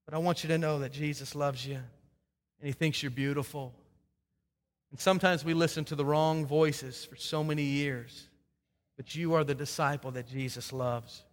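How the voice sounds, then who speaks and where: Male pastor, sermon delivery, emphatic builds and hushed endings, slightly high pitch. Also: fairly even intonation, normal speed. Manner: earnest, rising to emphatic peaks and dropping to soft low endings. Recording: long hall reverb.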